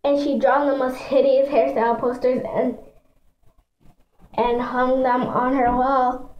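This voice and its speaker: A woman's voice: high voice, little pitch movement, slow pace, echoey room, highs cut off, slight background noise. A woman reading a children's book aloud in a chatty way, stumbling over words and adding asides for her listeners. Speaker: reader.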